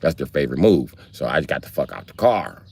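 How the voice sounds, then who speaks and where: His bass voice is gravelly and slightly rough, and he talks fast. On a live stream, this man rants casually through comic stories that are animated, profane and full of slang.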